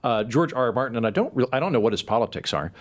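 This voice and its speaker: Quick-talking guy hosting a podcast, chatty, pokes fun at himself. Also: medium pitch, expressive. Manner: quick, chatty, self-deprecating. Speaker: podcast host. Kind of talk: casual conversation.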